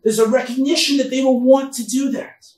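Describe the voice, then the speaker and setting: A rabbi giving a Bible lecture at a conference, emphatic, with loud stresses and quiet asides. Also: male voice, very high-pitched, fairly even intonation, a little fast. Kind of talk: Torah lecture. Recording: echoey hall, distant mic, faint noise.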